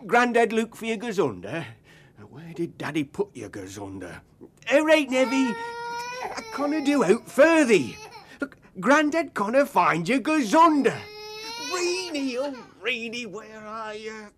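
An actor playing a cantankerous old grandfather, grumbling and cracking bad jokes in a broad, gravelly voice. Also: extremely high pitch, sing-song, measured pace, noisy background, full character voice. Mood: flustered. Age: older. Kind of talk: TV drama acting.

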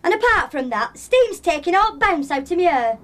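A blunt, exasperated young worker who has had enough. Her voice is high and lively, with a faint hum of noise behind her. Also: normal speed, heavily acted. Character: fed-up, blunt young northern woman worker.

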